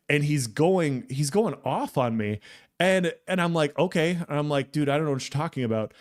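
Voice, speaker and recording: Male podcast co-host, chatty storyteller, rambling and animated. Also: on the high side, moderate pace. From Texas. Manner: animated, rambling, many fillers and restarts. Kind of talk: casual storytelling chat.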